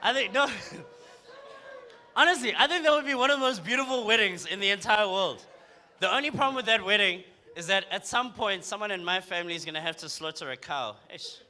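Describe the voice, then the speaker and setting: A man's voice: sits high, fairly quick. A young man from South Africa with a South African accent, doing a punchy, teasing stand-up comedy set on a comedy club stage. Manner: punchy, animated, teasing the crowd.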